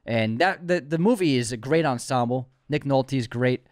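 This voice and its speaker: A male podcast co-host chats casually in an ordinary middle-pitched voice, full of enthusiasm. He teases his co-host playfully, and the recording sounds dry and close. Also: moderate pace, no room sound. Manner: enthusiastic and teasing. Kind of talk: casual chat.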